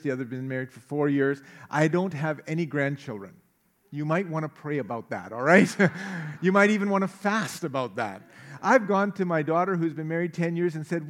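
A middle-aged man preaching a sermon as pastor, conversational, with humorous asides and frequent fillers. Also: fairly high pitch.

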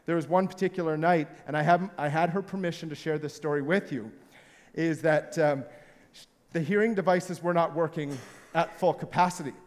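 A man's voice: a little high, brisk. A man preaching a sermon as pastor, telling stories in a playful, jokey way and drawing the congregation into a little experiment. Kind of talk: sermon with audience participation. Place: large hall with live congregation. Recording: long hall reverb.

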